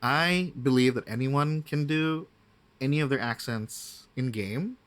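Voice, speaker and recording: A man's voice: medium pitch, a bit bright. A man talking as a guest game master in a casual podcast interview, chatty, with many restarts and asides. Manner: chatty, frequent restarts and asides, slips into quick impressions.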